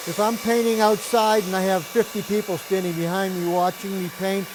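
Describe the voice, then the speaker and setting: A man's voice: high voice, little pitch movement, fairly quick, few pauses, noisy background. An older man hosting an art show, chatting casually and telling rambling stories while he demonstrates painting.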